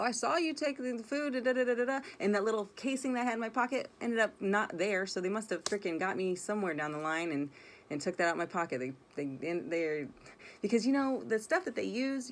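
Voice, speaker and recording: A woman telling a personal story in a casual, rambling way, blunt and swearing freely. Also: low voice. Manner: rambling, self-correcting delivery.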